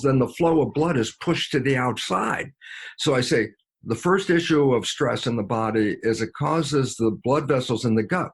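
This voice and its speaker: As an interview guest, a man with a husky, slightly breathy mid-range voice explains things in an animated way. He acts out both sides of imagined dialogues with himself, lets small chuckles slip into his sentences, and uses plenty of filler sounds.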